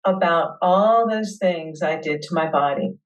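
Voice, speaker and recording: A woman hosting a webinar, leading listeners through a guided tapping session with slow, soothing affirmations. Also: lowish voice, recorded from a distance, rough recording.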